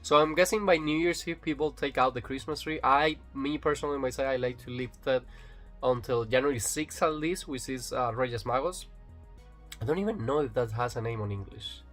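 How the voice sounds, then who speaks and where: A man's voice: mid-range voice, a little fast, soft background music. Rambling man retelling a sitcom plot. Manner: retells scenes quoting characters in a relaxed, rambling way. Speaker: vlog host. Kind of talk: casual spoken review.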